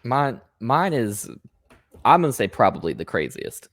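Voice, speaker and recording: A man's voice: mid-range voice, a little slow. Podcast guy doing all the voices in his story, cussing, regular mid voice. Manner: animated storyteller who acts out both sides, profane. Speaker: podcast host. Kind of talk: casual storytelling chat.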